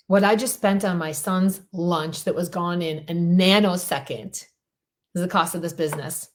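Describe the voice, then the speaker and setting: Speaking to a group call, this middle-aged woman coaches with animated energy, telling stories and repeating key ideas for emphasis. Her voice sits in the mid range.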